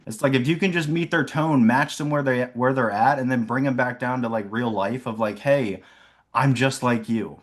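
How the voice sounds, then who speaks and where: A man's voice: medium pitch, steady tone, brisk, few pauses. A young man, an insurance sales agent, talking casually on a video call about his mindset, rambling with frequent fillers and laughs. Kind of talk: casual reflective talk.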